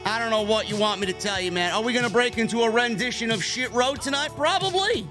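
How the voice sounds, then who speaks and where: A man's voice: high-pitched, fast, sharp tone, soft background music. A man from New York hosting a live post-show stream, griping and swearing his way through a casual rant. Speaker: livestream host.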